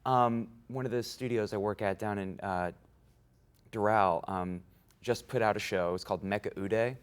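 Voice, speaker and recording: A man in his twenties, an actor being interviewed, talking in a casual, animated way and laughing through his stories. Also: on the low side, normal speed, clean tone. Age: 20s. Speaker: guest actor.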